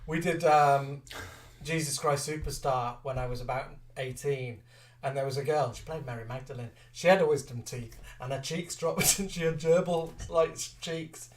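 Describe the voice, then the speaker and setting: A man's voice: mid-range voice, normal speed, distant mic. A man co-hosting a live chat show, telling rambling, giggly anecdotes. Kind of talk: casual storytelling chat.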